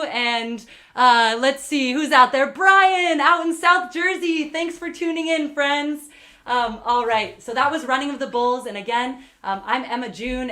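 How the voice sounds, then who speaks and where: High-voiced young woman chatting between songs. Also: pushed and bright. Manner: chatty and rambling, many ums and uhs. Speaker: singer-songwriter performing a showcase set. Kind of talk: between-song stage banter on a livestream. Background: guitar music.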